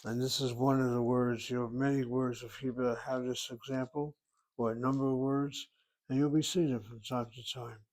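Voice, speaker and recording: A man's voice: mid-range voice, little pitch movement, moderate pace, darkish tone. A man teaching a recorded language lesson, working through each word aloud, step by step and methodically. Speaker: Hebrew teacher.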